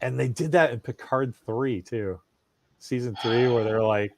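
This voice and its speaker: Speaking at a moderate pace in a medium-pitched voice, free of echo, a middle-aged man co-hosts a laid-back chat podcast. His storytelling is lively, peppered with profanity and quotes he performs.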